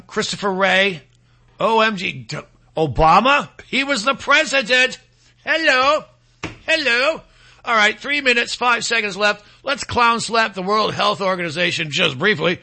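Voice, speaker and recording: Talk radio host, middle-aged man, high sharp voice; rambling, mocking monologue. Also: vocal fry. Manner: rambling, mocking, animated asides.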